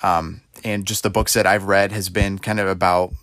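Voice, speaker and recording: A man in his twenties telling a story in a casual monologue, rambling and filling gaps with "like", getting animated as he retells it. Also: low voice, moderate pace, no room sound, studio quality. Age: 20s. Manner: rambling, heavy use of "like" fillers; animated retelling with rising exclaims. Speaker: podcast host.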